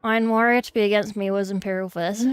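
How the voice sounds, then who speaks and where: A woman's voice: a little high, darkish tone, no echo. A woman hosting a casual livestream at her hobby desk, rambling as she reads chat aloud and answers it. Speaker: livestream host.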